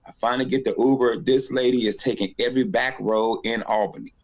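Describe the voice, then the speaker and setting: A man's voice: medium pitch, quick pace, dull audio. A man from North Carolina, a comedian telling a story in a casual interview and acting out the voices of the people in it. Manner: animated storyteller, acts out voices. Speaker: guest comedian.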